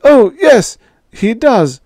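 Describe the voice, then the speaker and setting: A man reading an audiobook, voicing an excitable, blustering older male TV executive in a high, loud voice. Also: slow, no echo, studio quality, heavily acted. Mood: flustered. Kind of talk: audiobook character voice.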